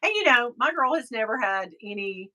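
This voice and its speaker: Running her live stream at a normal speed, this middle-aged woman keeps things casual, sharing stories and reading out what viewers comment. Her voice is on the high side, bright and forceful, with lively intonation.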